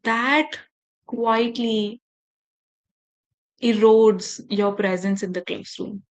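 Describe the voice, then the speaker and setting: A woman's voice: on the high side, steady tone, very slow. Woman trainer on a video call. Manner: engaging, asks the audience questions. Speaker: faculty development trainer. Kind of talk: online training session.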